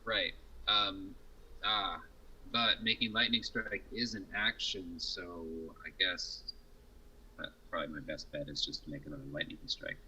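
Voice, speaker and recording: A man's voice: deep voice, fairly even intonation, unhurried, pushed and bright, slight background noise, rough recording. A man playing a tabletop game, easygoing and asking rules questions. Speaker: player. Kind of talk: casual tabletop play.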